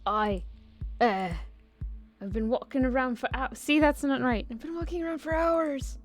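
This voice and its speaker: A woman's voice: high-pitched, moderate pace, soft background music, lightly acted. A woman voicing a bewildered, scruffy dead young man, in a hesitant, self-pitying way with a wobbly attempt at an Australian accent that slips toward Cockney. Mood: confused.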